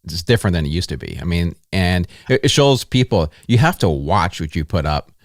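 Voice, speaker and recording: A man's voice: sits low, big pitch swings, a little fast, dry recording, clean studio sound. A man hosting a podcast interview, asking casual questions and cheering on his guest. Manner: enthusiastic, affirming interviewer. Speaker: podcast host.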